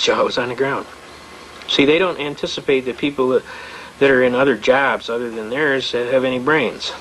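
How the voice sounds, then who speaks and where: A man's voice: medium pitch, fairly bright tone, slight background noise, poor audio. A man giving a folksy, blunt lecture on representing yourself in court, full of anecdotes and restarts. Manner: blunt, storytelling, frequent restarts and repetitions. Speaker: seminar speaker on self-representation in court.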